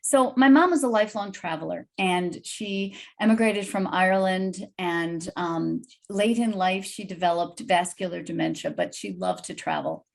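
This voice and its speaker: Woman, guest storyteller, animated, slightly gravelly, video call. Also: lowish voice, normal speed, few pauses.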